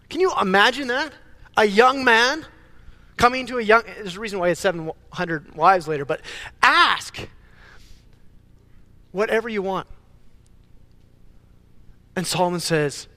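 A man preaching a sermon as pastor, animated, often stumbling and repeating words as he builds a point. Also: sits high, moderate pace, pauses often, in a large hall.

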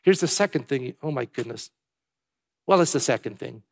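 A man preaching a sermon, swinging between hushed, tender passages and loud, emphatic ones. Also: medium pitch, expressive, normal speed. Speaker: pastor.

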